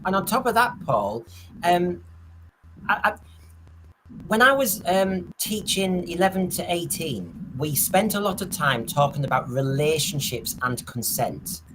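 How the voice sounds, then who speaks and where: A man's voice: high-pitched, expressive, a little slow. A man co-hosting a podcast panel, with dry, wry remarks. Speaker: podcast co-host. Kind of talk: casual panel discussion. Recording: clear background noise.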